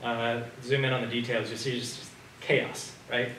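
Man lecturing from a distance, conversational and bright. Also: mid-range voice, flat delivery, a little fast. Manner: conversational, asks the audience questions. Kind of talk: public lecture with slides. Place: community hall or lecture room. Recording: roomy sound from a distance, faint background noise.

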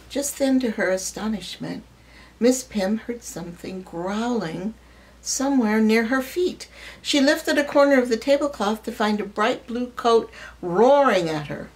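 Woman, short story reading, measured, expressive, mid pitch. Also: low-quality recording. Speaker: reader.

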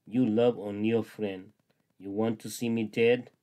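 A man's voice: lowish voice, fairly even intonation, unhurried, warm tone, natural voice. A man voicing a sly, demanding female crocodile wife, in plain, earnest storybook dialogue.

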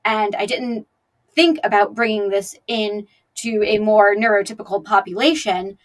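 A woman's voice: medium pitch, moderate pace, recorded from a distance. A woman speaking as a panelist over a video call, explaining her point thoughtfully.

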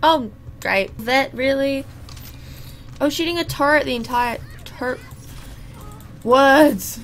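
Bright-voiced, high young woman gaming. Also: measured pace, slight background noise. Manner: chatty, exclaiming at the game, laughing. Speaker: gaming YouTuber. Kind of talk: live gameplay commentary.

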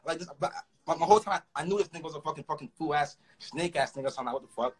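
A young man with a Toronto accent, ranting through a story fast and profanely, with frequent stammered restarts. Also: a little high, breathy edge, poor audio. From Canada. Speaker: rapper. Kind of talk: casual storytelling rant.

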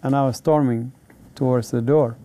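A man's voice: mid-range voice, steady tone, moderate pace, dark tone. A middle-aged man from Palestine, telling his personal testimony in an earnest, vivid way. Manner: earnest, vivid storyteller who acts out quoted dialogue. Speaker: interviewee giving a testimony.

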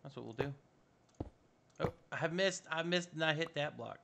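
A man's voice: fairly high pitch, moderate pace, gravelly, noisy background. A man giving casual, upbeat commentary while playing a modded block-building game, chatting to himself as he builds. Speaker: Minecraft modpack let's-play host.

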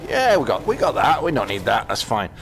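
A British man casually commenting as he plays a VR game, chatting to himself with quick exclamations. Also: medium pitch, wildly swooping pitch, creaky, soft background music. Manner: chatty, talks to himself while playing, exclamations. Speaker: gaming channel host.

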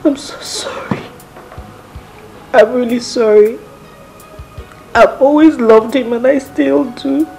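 An actress with a Nigerian accent playing a remorseful wife who speaks softly and apologetically. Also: female voice, sits high, slow, gravelly, pauses often, faint music behind, exaggerated voice, rough recording. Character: remorseful young wife torn between two men. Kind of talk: Nollywood film acting.

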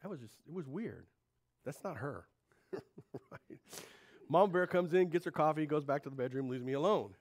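A male pastor giving a conversational sermon to a congregation, swinging between loud, animated stretches and quiet, confiding ones. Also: a little high, moderate pace.

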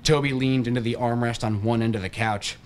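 A man, an author, reading his novel aloud at a bookshop in a steady, deadpan way. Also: mid-range voice, brisk, a little hiss or hum.

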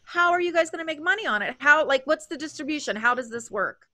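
A woman co-hosting an interview, asking quick, eager questions. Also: high voice, lively intonation, bright, forceful tone, no room sound, studio quality. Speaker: podcast co-host. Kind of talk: casual interview chat.

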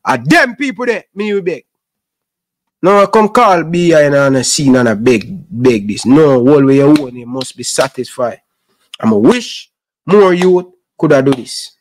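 A man's voice: on the high side, lively intonation, unhurried. A middle-aged man from Jamaica with a Jamaican accent, hosting his own sports channel and talking straight to his viewers in an impassioned, preachy Patois. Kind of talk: casual rant to camera.

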